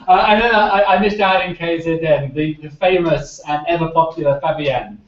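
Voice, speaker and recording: A man's voice: on the high side, moderate pace, a crowd in the background. A man hosting an online science panel on a video call, friendly and prompting speakers in turn. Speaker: panel moderator. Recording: echoey, distant, dull lo-fi call audio.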